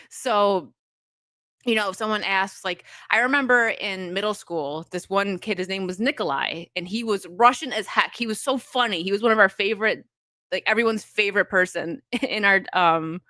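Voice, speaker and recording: Bright-voiced American woman streamer, rambling. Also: medium pitch, moderate pace, no echo. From United States. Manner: rambling, many fillers and restarts, laughs often. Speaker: live streamer. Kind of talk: casual live-stream chat, reading viewer donations.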